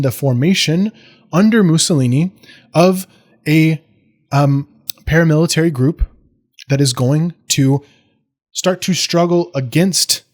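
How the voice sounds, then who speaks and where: An American man giving a history lecture in a casual, digressive way, with self-deprecating asides and restarts. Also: medium pitch. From United States.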